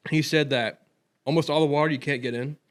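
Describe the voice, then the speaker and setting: A man's voice: on the high side, steady tone, brisk, smooth. A young man guesting on a livestream, chatting in a laid-back, slangy way, often saying dude and bro. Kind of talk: casual chat.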